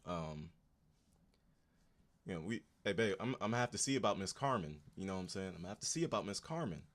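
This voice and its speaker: A man with a very low voice hosts a casual livestream and chats directly with his viewers. He talks loosely, in slang, with plenty of "you know what I'm saying" asides. Keep it conversational and personal. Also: lively intonation, fast talker, fairly bright tone. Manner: laid-back slang, talks straight to chat. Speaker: livestream host.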